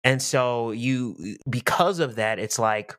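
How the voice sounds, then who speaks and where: A man's voice: medium pitch, a bit bright, dry recording, studio quality. A man in a casual podcast discussion who talks reflectively and often restarts his sentences. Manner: reflective, speaks in halting restarts.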